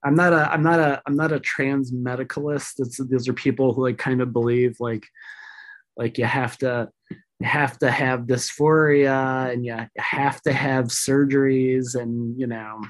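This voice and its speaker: A woman with a deep, feminine voice, a podcast guest talking frankly in casual chat. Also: steady tone, unhurried. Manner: candid, frank, swears casually.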